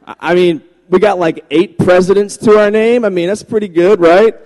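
A man in his forties from Virginia, a pastor telling funny stories in a chatty, animated sermon. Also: sits high, normal speed. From Virginia, USA. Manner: chatty, joking, animated anecdotes. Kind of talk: humorous sermon storytelling. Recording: long reverb of a large hall.

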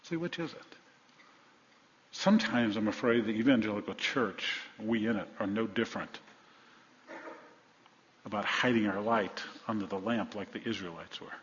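A male pastor delivering a sermon, firing rhetorical questions at the congregation and swinging between loud emphasis and hushed asides. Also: lowish voice, moderate pace, long pauses. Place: church sanctuary. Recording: dull lo-fi sound with long hall reverb.

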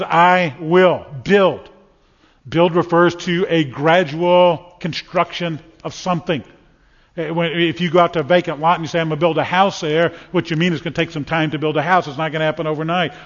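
A man preaching a sermon from the pulpit of a church, emphatic and dramatic, swinging from loud declarations to hushed, solemn lines. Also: a little high, in a large hall, muffled recording. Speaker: pastor. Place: church sanctuary.

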